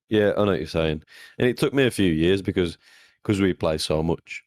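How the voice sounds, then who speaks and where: Very deep-voiced young man. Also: expressive, normal speed, vocal fry. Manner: blunt, swearing, storytelling with acted-out quotes. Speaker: podcast co-host. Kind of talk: casual chat.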